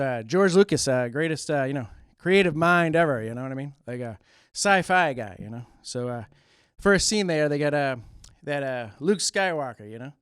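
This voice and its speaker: A man doing a drawling deadpan comedian impression. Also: a little high, smooth, no echo, clean studio sound, natural voice. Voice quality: drawling, deadpan, halting with many uhs. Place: local cable TV studio.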